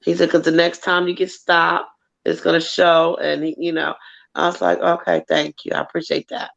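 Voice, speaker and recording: Gravelly woman telling a story on lo-fi audio. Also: low voice, normal speed. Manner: animated storyteller, drawling, swears freely. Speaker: co-host. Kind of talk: casual storytelling chat. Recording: dull lo-fi audio.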